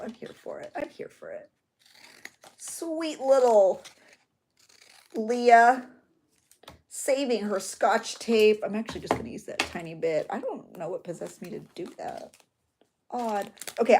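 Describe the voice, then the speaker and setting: A woman's voice: mid-range voice, slight background noise. A woman hosting a chatty crafting livestream, talking to her viewers as she works on a journal. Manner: bubbly, talks to viewers while working. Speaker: journaling channel host.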